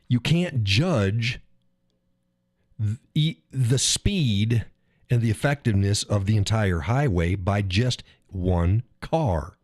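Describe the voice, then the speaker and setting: This man's fairly low voice comes through a dry, studio-quality recording as he hosts his own live stream. In a casual political rant he swears a great deal and animatedly acts out frustrated drivers.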